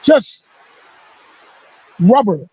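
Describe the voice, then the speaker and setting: High-voiced man telling a profane story. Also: big pitch swings, very slow, mellow, slightly rough. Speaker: host. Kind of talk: casual storytelling on a video call. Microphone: video call mic.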